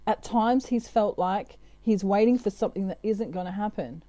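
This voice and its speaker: A woman's voice: mid-range voice, normal speed, dark tone, dry recording. A woman giving a casual, chatty tarot reading, full of fillers and asides. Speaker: tarot reader.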